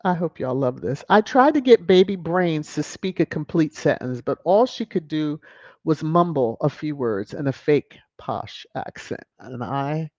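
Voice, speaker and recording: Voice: mid-range voice, lively intonation, unhurried, a little mellow, no room sound. A commentator on a video channel, sassy and mocking, chuckling often while reading headlines and viewer comments aloud. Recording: dull lo-fi, dry close mic.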